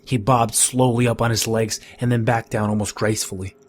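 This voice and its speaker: A man reading a first-person horror story in a measured, grim storytelling manner. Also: lowish voice, level tone, slight background noise. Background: faint music.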